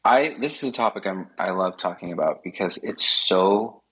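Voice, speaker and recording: A man's voice: sits low, expressive, normal speed, a bit bright, breathy edge, rough recording. A man speaking as a podcast guest, talking earnestly and with many fillers in a casual conversation.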